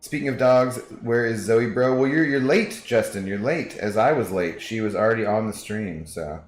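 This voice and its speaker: A man's voice: lowish voice, normal speed, roomy sound, faint music behind. A man streaming a video game, chatting casually and jokingly with viewers and reading their messages aloud.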